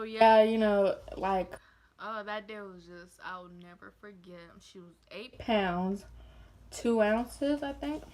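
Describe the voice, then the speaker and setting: Young woman vlogger, casual story time, emotional and rambling with many fillers, middle pitch. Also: darkish tone, rough recording. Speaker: vlogger telling her birth story.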